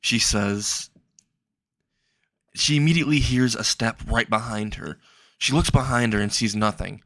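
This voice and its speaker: A young man narrating a dark fan fiction story in a slow, halting way. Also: dry recording, studio quality. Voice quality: low, gravelly voice.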